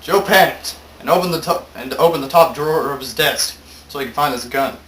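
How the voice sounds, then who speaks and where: A man's voice: fairly high pitch, a little fast, fairly bright tone, reverberant, a little hiss or hum, rough recording. Joking young man reading a story aloud. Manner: playful, mock-dramatic, interjects wisecracks. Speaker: story reader.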